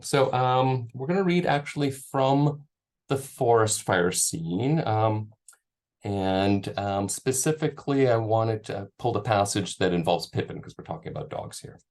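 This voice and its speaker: A middle-aged author talks about his writing in a relaxed, rambling way, full of small fillers. His voice sits low and has a strong gravelly fry. He then reads his novel aloud. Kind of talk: panel talk and reading from his novel.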